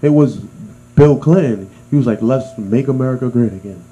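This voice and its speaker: Man, mellow voice, casual chat, animated storyteller, faint hum behind. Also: mid-range voice, brisk, low-quality recording. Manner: animated storyteller, acts out quotes. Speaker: podcast co-host.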